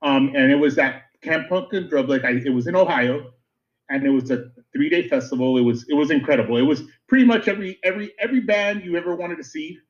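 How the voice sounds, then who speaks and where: Animated high-voiced man telling stories. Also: fast. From Miami. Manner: animated storyteller, laughs easily. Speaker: podcast co-host. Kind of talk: casual chat, storytelling. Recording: dull lo-fi recording.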